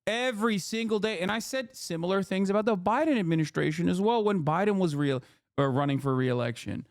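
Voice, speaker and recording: A man's voice: high voice, expressive, fairly quick, no room sound, clean studio sound. A man streaming from his living room, giving profane, exasperated political commentary. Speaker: Twitch streamer.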